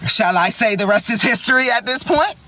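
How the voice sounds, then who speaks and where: High, lively Philly woman telling a story. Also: a little fast, a little hiss or hum. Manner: animated, profane, slangy storytelling. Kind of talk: storytime vlog.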